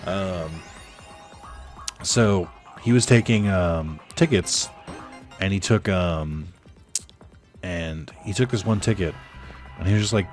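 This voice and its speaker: Man, gaming YouTuber, low voice, casual rambling storytelling, lots of ums, soft game music underneath. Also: takes it slowly, pauses often. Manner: rambling, filler-heavy, chuckling often. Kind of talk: casual storytelling over gameplay.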